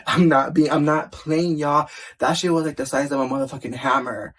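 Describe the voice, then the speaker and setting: A man vlogger telling a personal story in casual storytime style, animated and profane, filling his talk with "like". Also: on the high side, a little fast, soft background music. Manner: animated, profane, filler-heavy with constant "like".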